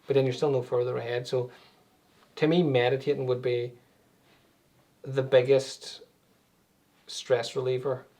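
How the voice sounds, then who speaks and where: A man's voice: mid-range voice, flat delivery, unhurried, long pauses, dark tone. A man, an anxiety and meditation coach, explaining things conversationally with everyday examples as an interview guest.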